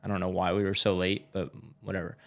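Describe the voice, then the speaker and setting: A motorcycle racer appearing as a guest tells a story in a relaxed way, swearing freely and saying "like" constantly. His voice is deep, gravelly and fast, with little pitch movement.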